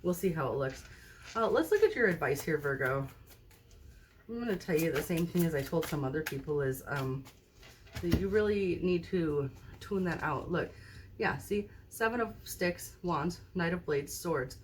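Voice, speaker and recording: A woman doing a casual tarot reading to camera at a table indoors, recorded on a phone mounted high overhead, chatting and often checking in with the viewer. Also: animated, normal speed, a little hiss or hum. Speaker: tarot card reader.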